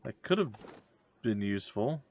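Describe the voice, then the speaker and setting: A man's voice: on the low side, lively intonation, moderate pace, darkish tone. A man giving casual, wry commentary while playing a game and reading its dialogue aloud. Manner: wry, joking asides. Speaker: let's play gamer.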